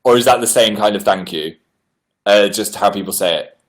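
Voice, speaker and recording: A man hosting a casual livestream, chattily reading out viewer messages and answering them, his pitch often jumping up on exclamations. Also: moderate pace. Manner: chatty, animated, reads messages aloud with upward-jumping pitch. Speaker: livestream host. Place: indoors at home.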